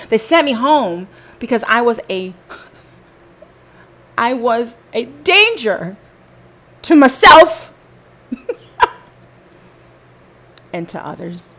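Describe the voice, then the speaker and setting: Woman host, fairly high voice, furious and foul-mouthed, talks right at her audience. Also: fairly bright tone. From Southern United States. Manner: profane, confrontational, addresses listeners directly. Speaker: podcast host telling her own story. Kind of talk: angry personal monologue.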